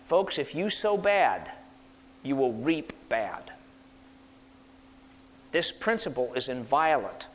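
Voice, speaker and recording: A man's voice: medium pitch, sing-song, slow pace, pauses often, slight background noise. A man pastor preaching a sermon with emphasis, leading the congregation to repeat phrases after him. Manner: emphatic, leads congregation in call-and-response repetition. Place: church sanctuary. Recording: long hall reverb.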